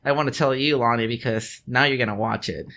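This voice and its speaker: In a steady yet sharp mid-range voice with vocal fry, a podcast co-host speaks briskly in casual chat. He tells his story in a rambling way, cursing freely, starting sentences over again and again, and breaking into laughs.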